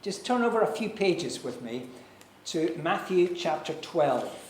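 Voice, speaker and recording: A man preaching a sermon as pastor, earnest and persuasive, with dramatic pauses. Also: fairly high pitch, very animated, a little hiss or hum. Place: church hall. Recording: echoey church hall.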